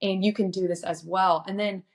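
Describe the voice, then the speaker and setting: A woman's voice: mid-range voice, fairly even intonation, moderate pace. A young woman from Indiana, a guest on a podcast, telling her story in a chatty, upbeat way. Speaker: guest, children's book author. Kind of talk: casual podcast interview.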